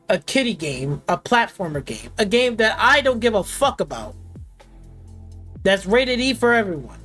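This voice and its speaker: A man hosting a gaming stream, ranting in an exasperated, mocking way and swearing constantly. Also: high voice. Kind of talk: profane casual rant.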